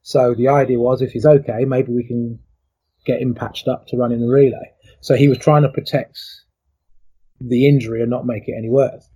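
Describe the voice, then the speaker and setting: A man's voice: mid-range voice, level tone, moderate pace, dark tone, husky. A middle-aged man, a former athlete, telling his story in an interview in a reflective, emotional way with many fillers.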